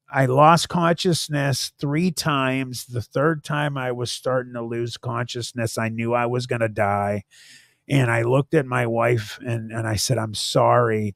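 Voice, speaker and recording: Slow, gravelly man telling a story. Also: mid-range voice, dry recording, studio quality. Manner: slow, earnest storytelling with many fillers. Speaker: host. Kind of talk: casual live-stream talk.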